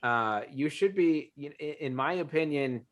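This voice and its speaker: A man's voice: a little high, unhurried, a bit bright. A man speaking earnestly as an interview guest, reflective and full of fillers, over a video call. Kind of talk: casual interview talk.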